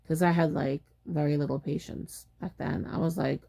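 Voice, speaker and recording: A woman's voice: low-pitched, steady tone, brisk, creaky, few pauses, dark tone. A woman casually telling a personal story in a chatty, exasperated way, acting out what people said. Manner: chatty, exasperated retelling with acted-out quotes.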